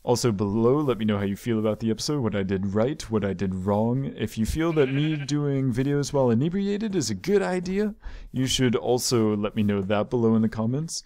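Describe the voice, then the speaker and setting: A man's voice: mid-range voice, a little fast, mellow, dry recording. A man hosting his own gaming channel, giving loose, playful gameplay commentary and coaxing the animals on screen.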